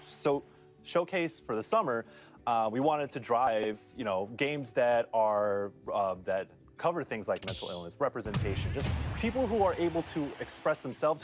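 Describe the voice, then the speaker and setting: A man from Southeast San Diego co-hosting a livestream panel, talking earnestly and warmly about his colleagues. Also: mid-range voice. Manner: earnest, heartfelt shout-outs. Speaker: co-host from the gaming outlet. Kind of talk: casual panel chat.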